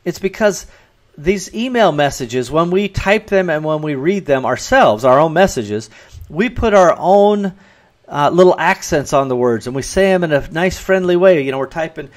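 A man's voice: fairly high pitch, expressive, normal speed. Earnest man giving business advice. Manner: earnest and advising, acts out dialogue in quotes. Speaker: podcast host. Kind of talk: solo business advice talk.

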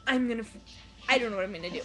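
A young woman recording a casual video blog at home on a webcam. She talks in a gushing, excitable way, full of "like" and laughter. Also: a little high, racing. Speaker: vlogger. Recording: webcam audio with a TV and music behind. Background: TV show with music playing.

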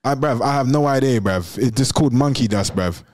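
A man's voice: mid-range voice, brisk, darkish tone. A young man co-hosting a call-in show, joking in heavy slang and tacking "bruv" onto nearly every phrase. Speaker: co-host. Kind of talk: casual banter on a live call-in show.

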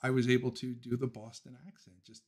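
Chatty opinionated Philly-raised livestream host. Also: male voice, medium pitch, completely flat delivery, a little fast, a little mellow. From Philadelphia. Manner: laughs often, opinionated ranting; talks through thoughts with frequent ums and restarts. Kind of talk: casual livestream chat, reading viewer comments.

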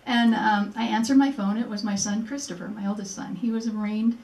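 A woman's voice: mid-range voice, steady tone, brisk, a little mellow. An older woman giving an earnest personal speech at a museum event, acting out remembered conversations as she tells her story. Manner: earnest, acts out remembered dialogue. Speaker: speaker at a memorial event. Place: museum presentation room. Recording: echoey room, mic at a distance.

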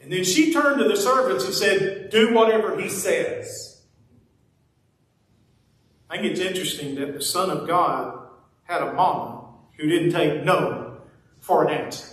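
Folksy pastor in an echoey sanctuary. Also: male voice, on the high side, lively intonation, normal speed, a bit bright. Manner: folksy, conversational preaching with playful asides. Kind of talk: sermon. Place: church sanctuary. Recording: very echoey church sanctuary, mic at a distance.

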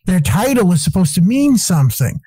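A man chatting as a podcast guest, telling rambling stories full of swearing and quick laughter. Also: high-pitched, sing-song, mellow, husky, no echo. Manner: profane, rambling storytelling. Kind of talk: casual chat.

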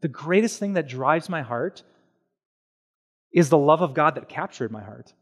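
A man preaching a sermon as pastor, animated and conversational, with slow, hushed stretches on solemn points. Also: on the high side. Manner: animated and conversational, with everyday examples and quick asides.

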